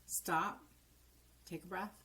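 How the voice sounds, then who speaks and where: A middle-aged woman, a transformational coach, giving calm step-by-step guidance and dropping to soft near-whispers when voicing affirmations. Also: lowish voice, takes it slowly, slight background noise. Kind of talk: coaching video monologue.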